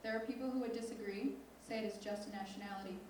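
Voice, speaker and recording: A teenage girl reading her own spoken word poem slowly and intensely as a student poet on stage. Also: mid-range voice, fairly even intonation, darkish tone, slight background noise. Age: teens. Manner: slow, deliberate, intense recitation. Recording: echoey hall from far off.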